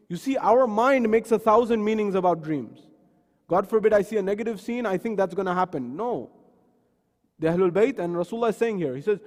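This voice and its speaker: A man's voice: high voice, animated, fairly quick, a little mellow. A man delivering a sermon in a mosque, telling stories dramatically and acting out the people he quotes. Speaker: speaker at a mosque. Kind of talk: sermon with acted retellings. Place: mosque hall. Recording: long hall reverb.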